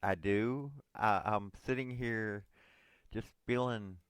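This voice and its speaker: A man's voice: on the low side, steady tone, slow pace, a bit bright, clear, resonant tone, dry recording. A man in his forties, hosting his own podcast, rambles casually and self-deprecatingly, with lots of hesitant fillers. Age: 40s. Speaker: podcast host.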